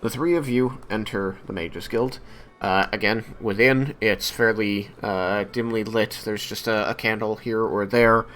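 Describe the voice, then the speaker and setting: A man narrating as game master of a tabletop game, relaxed and quick to laugh. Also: on the low side.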